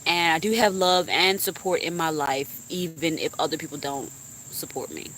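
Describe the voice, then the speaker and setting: Blunt, bright-voiced young woman venting. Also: low voice, fairly even intonation, moderate pace, slight background noise. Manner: blunt, heavy cussing. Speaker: YouTuber. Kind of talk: venting to a live stream chat.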